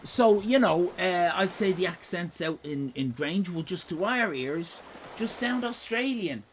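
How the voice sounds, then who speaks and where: A man's voice: sits high, expressive, measured pace, a bit bright, slight background noise. An Irish man hosting a live stream in casual chat, rambling from one tangent to the next with jokes and swearing. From Ireland. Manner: rambling, digressive, sweary, jokey.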